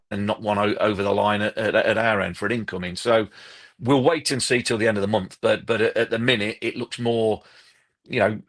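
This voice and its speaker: Man, fairly low voice, podcast co-host, measured, thinks aloud. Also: fairly bright tone. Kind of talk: casual live podcast chat.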